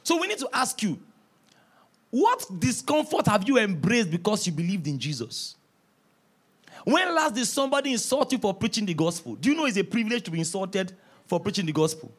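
A male pastor preaching a sermon, telling stories with quoted dialogue and rising to shouts. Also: sits high, a little fast. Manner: storytelling, animated, rising to shouts.

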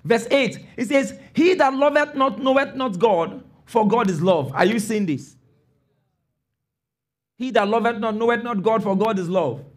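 A male preacher with a high, animated voice delivers an emphatic sermon. He keeps checking that the listeners are with him and pushes up into shouts on the lines he stresses. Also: unhurried. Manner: emphatic, calls for congregation responses; rises to shouts on key phrases.

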